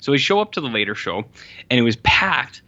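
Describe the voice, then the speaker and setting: A man's voice: medium pitch, sing-song, a little fast, sharp tone. A man co-hosting a podcast in casual chat, loose and swearing freely, acting out the lines of people in his stories. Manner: loose, swears freely, acts out quoted dialogue. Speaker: podcast co-host. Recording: slightly dull, lo-fi sound.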